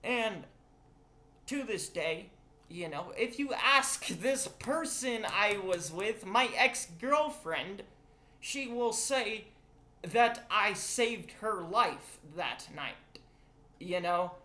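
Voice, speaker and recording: A young man talks slowly through a confessional rant, rambling and swearing as the feeling spills over. His voice is bright and edged. The room around him echoes. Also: sits high, animated. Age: young adult. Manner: rambling, profane, emotional. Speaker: vlogger.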